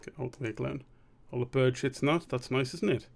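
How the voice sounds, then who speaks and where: A man's voice: medium pitch, steady tone, a little fast, vocal fry, darkish tone. A man streaming a drawing session, rambling and muttering to himself, swearing freely as he works. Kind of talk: casual live-stream commentary while drawing.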